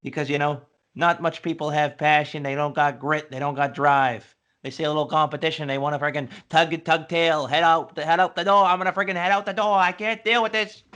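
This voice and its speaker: A man's voice: on the high side, fairly even intonation, fairly quick, few pauses, pushed and bright, highs cut off. A man playing a brash, salesy hiring manager in a comedy sketch who repeats himself, talking over a video call.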